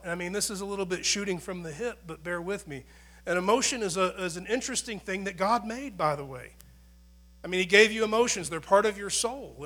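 A middle-aged male pastor with a high, bright, forceful voice delivers a conversational sermon. He talks earnestly, punching some phrases loudly and dropping others to near-quiet asides. A faint electrical hum sits under the recording. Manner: conversational, earnest, swings between loud emphasis and quiet asides.

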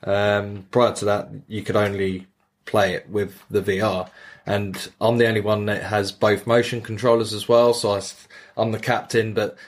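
A man's voice: on the low side, level tone, moderate pace. Crude, joking man chatting. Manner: crude, joking storyteller who swears freely; acts out game dialogue in quoted voices. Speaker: podcast co-host. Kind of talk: casual chat.

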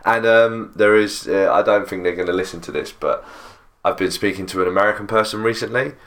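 Podcast host, British man, low-ish voice, casual and animated chat. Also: brisk. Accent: British English. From Britain. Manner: animated, jumpy pitch when making a point.

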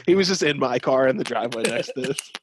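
A man's voice: medium pitch, lively intonation, fast talker, noisy background. A young man co-hosting a podcast, chatting in a laid-back, rambling way and laughing often. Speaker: podcast co-host. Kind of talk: casual chat.

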